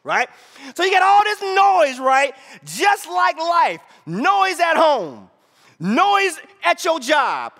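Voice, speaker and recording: A man preaching a sermon in a church hall, peppering it with "right?" and swinging between shouted lines and hushed asides. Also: very high-pitched, big pitch swings, slow pace. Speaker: pastor.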